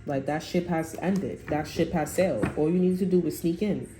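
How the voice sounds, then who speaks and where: Low-voiced woman giving a blunt tarot reading. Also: moderate pace. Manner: blunt, swears, quotes people in raised voice. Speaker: tarot reader. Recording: roomy sound with faint music.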